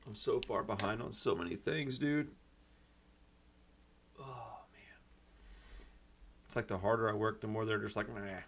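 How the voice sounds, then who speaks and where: A man's voice: lowish voice, fast talker, few pauses, a little hiss or hum. A man hosting a punk rock channel, upset and venting in a rambling, casual way that is full of "dude" and "bro.".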